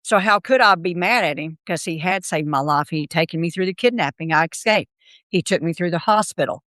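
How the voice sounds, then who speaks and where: Animated middle-aged woman telling her story. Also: on the low side, brisk, dry recording. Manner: animated storyteller, acts out quoted voices. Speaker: podcast guest. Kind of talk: storytelling interview.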